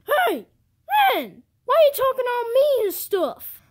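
A woman's voice: sits high, sing-song, measured pace. A woman voicing Mario's confused, indignant friend in an amateur fan movie.

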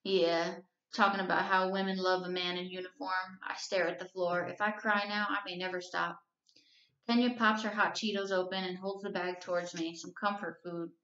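A woman teacher reading a novel aloud to her class, telling the story at a steady, even pace. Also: lowish voice, moderate pace. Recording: roomy, slightly dull recording.

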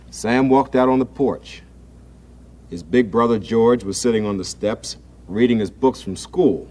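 Gentle man reading a children's story. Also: mid-range voice, unhurried. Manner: gentle, expressive storytelling, acting out the family's voices. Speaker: children's TV host. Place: TV studio set.

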